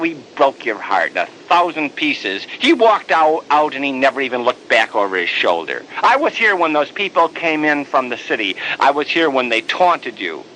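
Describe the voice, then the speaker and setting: A man's voice: mid-range voice, bright, forceful tone, slight background noise, pitched below the performer's own voice, rough recording. A man voicing a bitter, resentful older brother who protests to his father in a raised, pleading voice.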